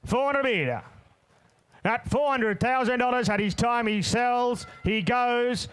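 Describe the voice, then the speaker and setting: A man working as an auctioneer at a horse sale, rattling off bids in a fast rolling chant and calling to bidders by name. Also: very high-pitched, fairly bright tone, clear, resonant tone. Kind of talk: rapid bloodstock auction chant. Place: sale ring.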